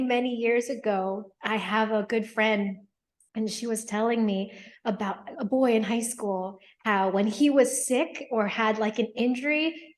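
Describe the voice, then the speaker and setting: Interview guest, woman in her thirties, slightly high, earnest reflective storyteller. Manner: earnest, thoughtful, with frequent ums and quoted inner thoughts. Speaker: guest, attorney and hypnotherapist.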